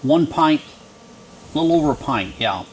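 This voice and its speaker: A man's voice: mid-range voice, lively intonation, normal speed, background noise. A man at a casual beer tasting who talks knowledgeably and keenly about the beers he brought.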